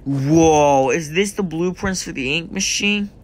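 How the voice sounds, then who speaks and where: A young male gamer commentates slowly and casually, rambling to himself and to his viewers. Steady noise sits under his voice. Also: a little high. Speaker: gaming YouTuber. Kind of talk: casual let's play commentary.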